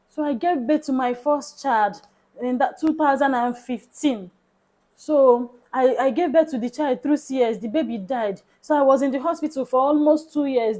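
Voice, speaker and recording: A Nigerian woman doing a desperate young woman who pleads with a stranger in a sorrowful, teary voice. The voice sits a little high. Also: a little mellow, close to an everyday voice, poor audio.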